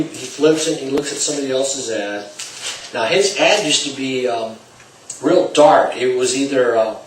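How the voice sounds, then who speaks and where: A man's voice: mid-range voice, slight background noise. A man teaching salespeople through a story, acting out the dialogue with swings in volume. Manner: acts out dialogue with shifting volume. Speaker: sales trainer. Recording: roomy, distant mic, faint ambience.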